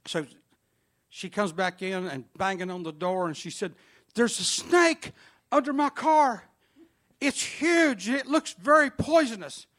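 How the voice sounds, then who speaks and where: High-pitched guy telling a funny snake story in church, animated.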